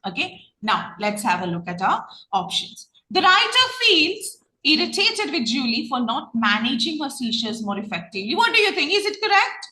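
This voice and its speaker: A woman's voice: high voice, lively intonation, moderate pace, hardly any pauses, pushed and bright, echoey room, poor audio. A woman with a Malayali English accent, a trainer running an online reading class, who asks students many questions and often restarts her sentences.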